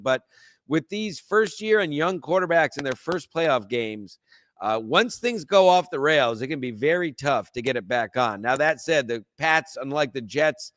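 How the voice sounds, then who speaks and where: A man's voice: a little high, a bit bright. A young man hosting a sports podcast, brash and profane, rambling through his picks in casual talk.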